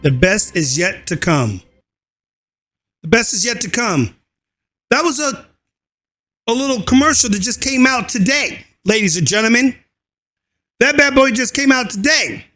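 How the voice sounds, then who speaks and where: Ranting male commentator, very high and bright voice, shouty and crude. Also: lively intonation, moderate pace, long pauses, faint music behind. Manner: loud, fired up, drawling and crude. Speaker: political commentary host.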